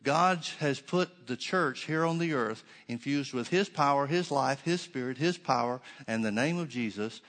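A man's voice: medium pitch, moderate pace, hardly any pauses, fairly bright tone. Emphatic male pastor preaching a sermon. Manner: emphatic preaching with rhetorical questions and sarcastic asides.

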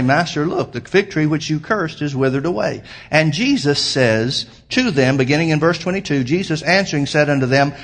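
A middle-aged man preaching a sermon as pastor, stressing his points with rising emphasis and slipping into a rambling personal story full of fillers. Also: a little high.

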